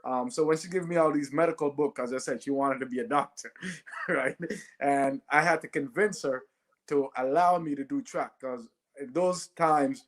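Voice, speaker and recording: A former Olympic sprinter from Jamaica, appearing as a guest on a podcast, tells stories in an animated way and keeps tacking on "right?". His voice is medium-pitched and moderately paced.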